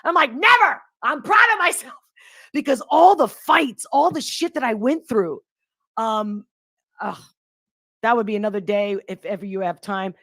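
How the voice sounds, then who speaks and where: A woman's voice: medium pitch, moderate pace, no room sound, clean studio sound. A woman interviewing a guest in casual conversation, who talks emphatically and acts out the voices of people she quotes. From grew up in Europe.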